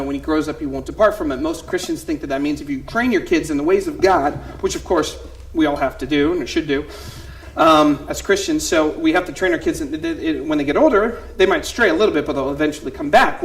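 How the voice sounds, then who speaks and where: On a theater stage, a youth pastor in his thirties performs a one-man comedy show, and his voice sits high. He tells stories that swing widely between quiet asides and loud exclamations.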